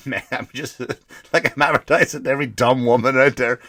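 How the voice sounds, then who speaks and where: A man's voice: mid-range voice, expressive, a little fast, pushed and bright, no room sound, clean studio sound. A man hosting a comedy podcast, ranting profanely and firing off rhetorical questions. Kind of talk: comedic rant.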